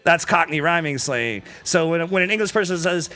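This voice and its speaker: A man's voice: a little high, expressive, moderate pace, bright, forceful tone. A man from the American Midwest chatting casually on a stream, laid-back and profane, telling stories with laughs. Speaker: co-host. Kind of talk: casual chat.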